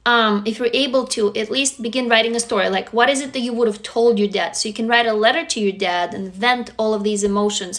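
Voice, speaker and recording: A woman's voice: mid-range voice, fairly bright tone. A woman in her forties from Russia with a Russian accent, chatting candidly and encouragingly to viewers on a live stream, swearing freely. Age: 40s. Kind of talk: casual live stream chat.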